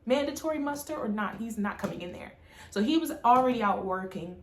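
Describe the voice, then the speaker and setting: A young adult woman telling a personal storytime tale in an animated, emphatic way. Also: fairly high pitch, fairly quick, reverberant, a little hiss or hum. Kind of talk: storytime monologue.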